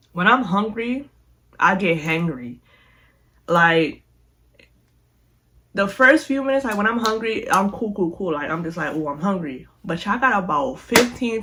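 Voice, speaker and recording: A young woman vlogger casually telling a storytime, animated and slangy, often repeating herself. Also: on the low side, a little hiss or hum.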